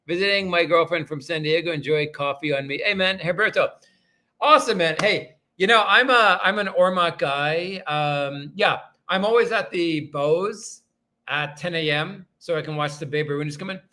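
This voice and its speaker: Bright-voiced man chatting with his viewers. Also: a little high, moderate pace. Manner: rambling, self-deprecating, thanks viewers often. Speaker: livestream host reading viewer comments. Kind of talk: casual livestream chat.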